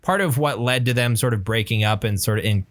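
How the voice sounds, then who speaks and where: Casual male podcast co-host, halting and full of fillers, average pitch. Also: fairly bright tone. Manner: rambling, halting, many fillers and restarts. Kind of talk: casual chat about music.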